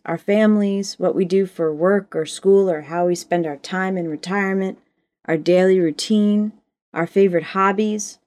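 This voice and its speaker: A woman, a preacher from the United States, reading scripture and giving a measured, reflective sermon. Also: on the low side, a little mellow.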